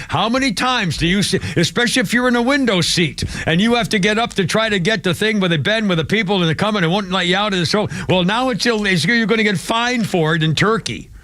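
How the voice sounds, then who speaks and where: A man hosting a radio talk show with a somewhat high voice, rambling through the news with fillers and offhand asides. His voice is close and dry, with no room sound. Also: fairly bright tone, no echo.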